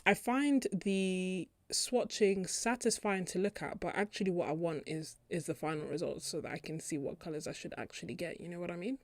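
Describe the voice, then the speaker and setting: A woman's voice: fairly low pitch, moderate pace, few pauses, no room sound. A young British woman chatting casually on a live stream while she swatches paints, laughing often and thinking aloud. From Britain. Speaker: art channel host.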